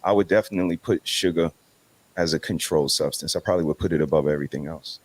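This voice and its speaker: A man's voice: rumbling low, fast, breathy edge. A man, making emphatic, preachy points as a guest in a casual podcast discussion. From New York City.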